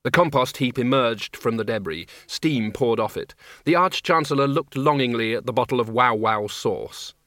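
A man narrating an audiobook in a dry, measured comic reading. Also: mid-range voice, animated, fairly bright tone, dry recording. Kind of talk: scripted narration.

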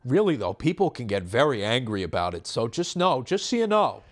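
A man's voice: mid-range voice, sing-song, a little fast. A man doing an impression of an irritated middle-aged woman who scolds people for cutting a line, sounding prim and passive-aggressive. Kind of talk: impression within casual chat.

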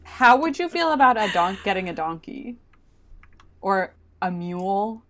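A woman's voice: mid-range voice, sing-song, a little slow, a bit bright, a little hiss or hum. A woman co-hosting a podcast in casual chat, blunt and wry, who swears casually. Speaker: podcast co-host.

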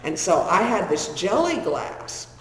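A woman's voice: fairly low pitch, very animated, measured pace, fairly bright tone, slight background noise. Woman, 60s, Texan accent, frank self-mocking storyteller addressing a crowd in a reverberant hall. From Northern California. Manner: candid, self-deprecating, humorous storyteller. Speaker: speaker sharing her recovery story. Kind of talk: personal storytelling to an audience. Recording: echoey hall with long reverb.

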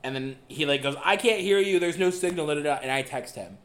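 A young man co-hosting a podcast, telling a dating story in a casual, animated and profane way. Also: fairly high pitch, fast talker. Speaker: podcast co-host. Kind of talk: casual chat.

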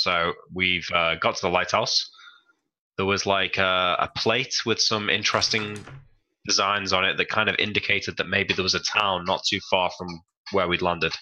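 A man putting on a northern English accent to narrate a dramatic recap of a tabletop game, halting with fillers. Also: low voice, level tone, sharp tone, lo-fi sound. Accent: northern English, put on. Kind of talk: mock trailer-style recap narration.

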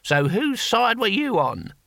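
A man's voice: very high-pitched, big pitch swings, a little slow, vocal fry, a bit bright, dry recording, voice pushed up, heavily acted. A male narrator voicing a weary, sardonic old barbarian. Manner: dry, weary.

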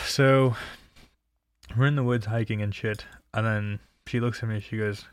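A man's voice: lowish voice, steady tone, unhurried, smooth, no echo, studio quality. A young man telling personal stories in a casual, rambling way, swearing freely and filling with "like" and "um". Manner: rambling and profane, full of fillers. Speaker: storyteller.

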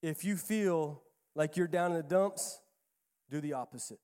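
A man in his thirties preaching a sermon as pastor, emphatic and repeating his key phrases, moving between quiet asides and louder stress. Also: a little high, measured pace, clear, resonant tone, big-room sound. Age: 30s.

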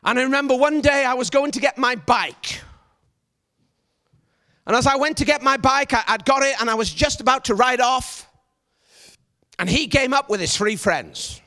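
A middle-aged man preaching a sermon as an evangelist, with shouted, emphatic lines. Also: extremely high pitch, normal speed, long pauses.

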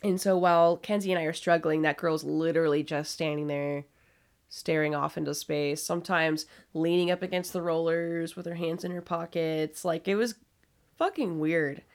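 A young woman with a low, gravelly voice, chatting casually on a podcast. She tells stories bluntly and swears a lot as she goes. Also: fairly even intonation, normal speed. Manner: blunt, swears freely, storytelling. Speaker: podcast co-host. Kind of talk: casual chat.

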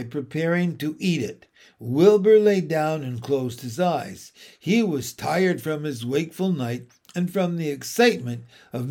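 A man narrates a children's storybook at a slow, measured pace. His voice sits slightly high for a man and carries a gravelly, creaky texture throughout. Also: mellow. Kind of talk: storybook read-aloud.

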